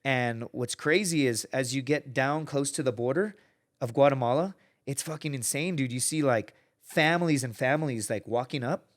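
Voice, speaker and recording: An American man with a medium-pitched voice, speaking at normal speed, tells a story as a podcast guest. The talk is casual, and he swears freely while animatedly acting out the people he quotes.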